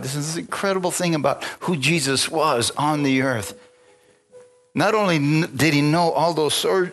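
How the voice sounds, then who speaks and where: A man's voice: on the high side, a bit bright. A man preaching a sermon in a conversational style, often asking the congregation for amens and chuckling as he talks. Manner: call-and-response preaching with frequent amens. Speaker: pastor.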